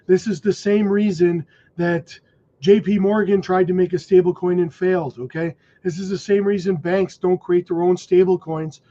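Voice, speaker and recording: A man with a fairly high, mellow voice hosts a crypto livestream, hoarse because his voice is failing. He talks in an emphatic, warning way and checks in with "okay?" and "right?" The audio is dull and muffled. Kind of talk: casual livestream commentary.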